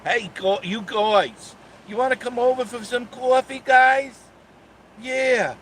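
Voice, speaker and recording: A man in his sixties voicing a loud, chummy New York man with a New York accent, pitched well above his own voice. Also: slow, distant mic, slight background noise, exaggerated voice. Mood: boisterous. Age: 60s. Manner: brash, boisterous, pitched way up.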